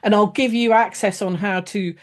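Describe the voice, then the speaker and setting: A woman teaching a casual lesson on leadership, chatty, with many fillers and restarts, acting out sample phrases in a gentler voice. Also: mid-range voice, fairly even intonation, normal speed. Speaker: leadership trainer.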